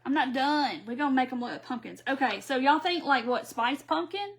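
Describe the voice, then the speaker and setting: A woman's voice: high voice, animated, a little fast. A middle-aged woman from Mississippi with a Southern accent, chatting casually through a crafting live stream and reading viewer comments aloud.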